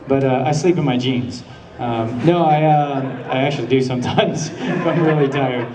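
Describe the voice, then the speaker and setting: A man's voice: medium pitch, normal speed, darkish tone. A man answering questions as the voice actor guest on a convention panel, laid-back and laughing often as he tells stories. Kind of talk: panel Q&A storytelling. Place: large convention hall. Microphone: handheld camera far from the stage. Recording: echoey hall from far off, audience. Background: audience murmurs and laughter.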